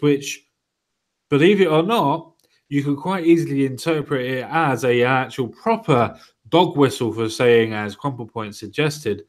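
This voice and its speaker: A man's voice: medium pitch, moderate pace. A man hosting a casual political podcast, talking loosely and mocking what others said. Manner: conversational, mocking quotes. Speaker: podcast host.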